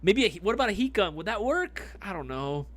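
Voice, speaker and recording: Animated young man hosting a live stream. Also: high voice, fast talker. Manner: animated, reacts loudly to chat with exclamations; laid-back, chummy, calls people dog and brother. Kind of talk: casual live stream chat.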